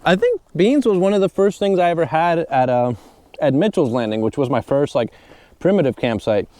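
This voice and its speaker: A sassy man hosts a podcast outdoors, and his mellow voice swings up and down a lot. He laughs often and swears now and then. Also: fairly high pitch, big pitch swings, a little fast, dry recording. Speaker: podcast host. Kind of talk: casual chat. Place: outdoors on a trail.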